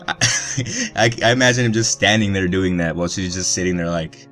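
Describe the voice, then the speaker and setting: A man with a low, deep voice reads a visual novel aloud for a let's play. He keeps breaking the narration with crude, joking asides. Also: normal speed, a bit bright, soft background music. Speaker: let's player.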